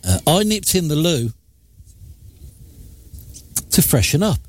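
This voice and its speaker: A man hosting a live radio show, telling a jokey story in a chatty, animated way. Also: a little high, slow pace. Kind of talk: casual radio chat. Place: radio studio.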